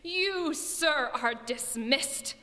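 A woman's voice: sits high, big pitch swings, unhurried, bright, forceful tone, heavily acted. A woman voicing a furious, pompous male store manager who gives clipped, indignant orders. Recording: long reverb with music behind.

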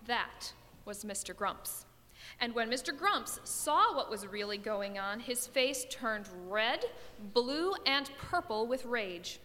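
A woman reading a children's story aloud, expressive and growing soft and low in the calm passages. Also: measured pace. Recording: long reverb with music behind.

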